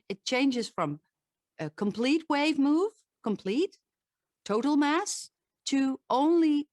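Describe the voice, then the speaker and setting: A woman's voice: no room sound, clean studio sound. A woman with a Dutch accent, a voice coach giving a talk and demonstrating vocal sounds. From Netherlands. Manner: demonstrative, shifts pitch to show examples.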